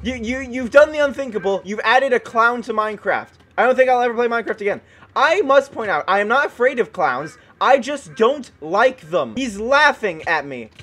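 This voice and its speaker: A man hosting gameplay commentary, excitable and dramatic, often yelping and exclaiming with joking mock outrage. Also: very high voice, moderate pace. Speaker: gaming video host.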